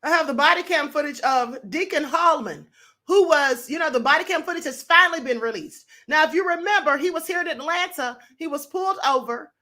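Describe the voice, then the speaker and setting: High bright-voiced woman streamer. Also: fairly quick. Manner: emphatic, opinionated, talks straight to viewers. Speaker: live stream host. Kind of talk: casual news commentary.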